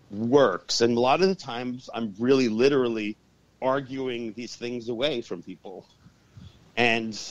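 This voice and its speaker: An animated man telling a story in a podcast interview, cursing freely as he goes. His voice sits at a middle pitch. The audio is dull and lo-fi. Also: no echo. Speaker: guest, urban shaman and exorcist.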